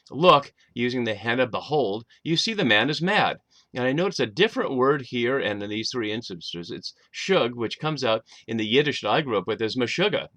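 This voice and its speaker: Man, low voice, Bible lecture, thoughtful with fillers, dry close sound. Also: fairly bright tone, no echo. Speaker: Bible teacher. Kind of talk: lecture on scripture.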